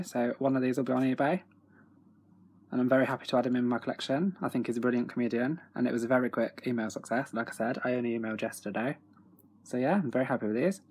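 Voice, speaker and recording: A young man with a freely swearing, excitable manner, chatting casually at home in a video diary. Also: mid-range voice, slightly rough. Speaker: autograph collector vlogger.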